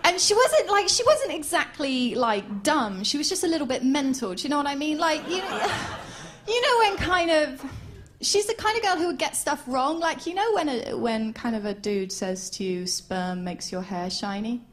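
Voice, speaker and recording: A woman doing stand-up comedy, chatty and animated, laughing along as she tells a story and puts on voices. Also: sits high, normal speed. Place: comedy stage before an audience.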